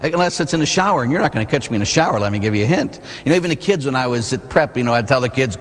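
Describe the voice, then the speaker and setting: Catholic priest man preaching, lively ups and downs, bit husky, big echoey church. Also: medium pitch, racing, hardly any pauses. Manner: animated, storytelling, rhetorical "huh?" asides. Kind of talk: sermon. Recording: long hall reverb.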